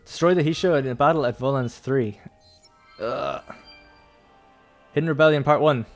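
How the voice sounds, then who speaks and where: A man's voice: medium pitch, moderate pace. A young man chatting casually while streaming a strategy game, rambling and laughing often. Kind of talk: casual gameplay commentary. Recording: faint music behind.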